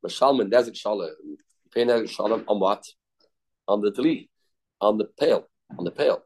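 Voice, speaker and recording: A man's voice: on the low side, animated, normal speed, a little mellow. A man giving a casual Talmud class, repeating terms and restarting sentences often. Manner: informal, restarts often, repeats terms, mixes Hebrew and Yiddish words. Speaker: Talmud teacher.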